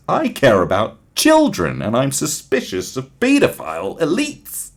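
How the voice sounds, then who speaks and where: Animated, profane man ranting. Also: medium pitch, moderate pace, hardly any pauses. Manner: sarcastic, profane, mimics voices. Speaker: podcast host. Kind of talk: ranting monologue.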